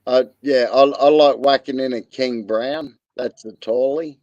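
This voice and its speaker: A man's voice: mid-range voice, measured pace, a little mellow, no echo, highs cut off. A man in a casual livestream chat, laid-back and chuckling as he agrees along.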